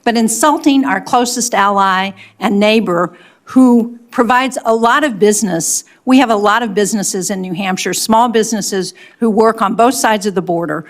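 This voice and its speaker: A woman's voice: medium pitch, moderate pace. An older woman, a senator, pressing an official with firm, pointed questions at a hearing.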